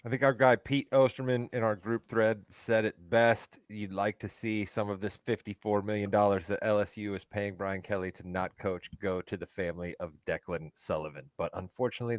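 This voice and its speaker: A man's voice: on the low side, dry recording, clean studio sound. A man hosting a sports podcast, leading the talk with wry, joking banter. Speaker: podcast host.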